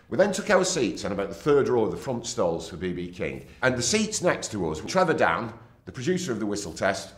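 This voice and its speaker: A middle-aged man spins anecdotes about his career, his low voice swinging up and down as he acts out other people's lines. He talks like a born raconteur, with the odd filler. The sound carries a noticeable roomy echo. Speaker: broadcaster telling his own career stories. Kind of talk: anecdotal storytelling.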